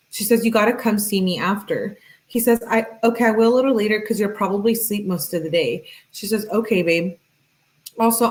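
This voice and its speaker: A woman who hosts a true-crime channel reads text messages aloud in a plain, medium-pitched voice, cutting in with quick, skeptical asides. The audio quality is poor.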